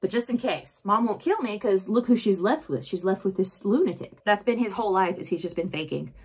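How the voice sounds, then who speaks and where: A woman vlogger talking casually while she does her makeup. She retells a novel in a chatty, animated way. Her speech is full of fillers and asides. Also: mid-range voice, fairly quick, slightly rough. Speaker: book vlogger. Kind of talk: casual book summary while doing makeup.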